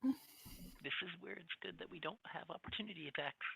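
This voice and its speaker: A man's voice: high-pitched, normal speed, vocal fry, bright, forceful tone, slightly rough, no room sound, low-quality recording. A man playing a tabletop game, making wry, teasing remarks. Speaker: player.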